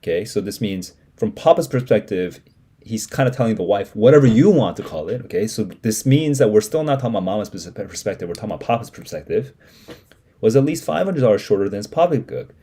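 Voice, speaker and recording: A man's voice: lowish voice, expressive, fast talker, dark tone, husky. A man reading a short story aloud and explaining it as he goes, thinking aloud with many fillers and restarts. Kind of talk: live reading reaction.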